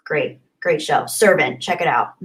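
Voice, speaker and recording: A woman's voice: deep voice, measured pace. A woman hosting a casual livestream, reading viewer comments aloud and answering them in an earnest, thankful, rambling way with many fillers. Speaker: YouTube livestream host.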